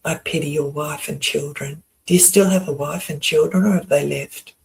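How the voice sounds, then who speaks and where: Someone delivers a contemptuous accusation on a livestream and sometimes drops into a harsh whisper. The voice is gravelly and full of fry. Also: mid-range voice, steady tone, normal speed, rough recording. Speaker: livestream panel guest. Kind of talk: accusatory monologue.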